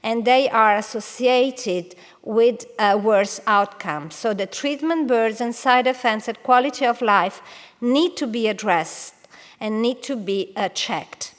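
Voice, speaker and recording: A woman's voice: a little high, a little slow. Woman lecturing in a reverberant hall. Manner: careful, with frequent hesitations and restarts. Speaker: oncologist presenting at a medical congress. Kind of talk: conference lecture. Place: large congress hall.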